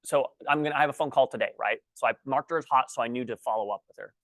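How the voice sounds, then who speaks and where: A man teaching a workshop, a little out of breath, talking in halting bursts with many restarts while he writes on a board. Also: mid-range voice, a bit bright, no echo. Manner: halting, restarts sentences often. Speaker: guest trainer.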